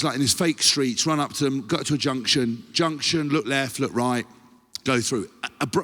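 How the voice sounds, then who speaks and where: Bright-voiced man telling a rowdy story live. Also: mid-range voice, in a large hall. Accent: English. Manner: animated storyteller, heavy swearing, acts out other people's voices. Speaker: podcast host telling a story on stage. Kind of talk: live comedic anecdote. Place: live show in a large venue.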